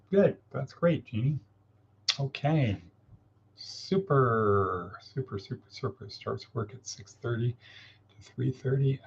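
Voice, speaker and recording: A man's voice: medium pitch, darkish tone, lo-fi sound, a little hiss or hum. A man hosting a casual morning coaching livestream, upbeat and encouraging as he reads viewer comments and guides listeners through steps.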